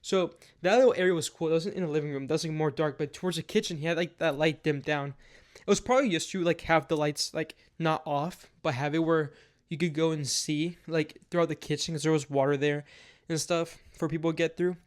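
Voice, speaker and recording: A man's voice: a little high, steady tone, brisk. A young man telling a casual, rambling story time with lots of filler words and swearing.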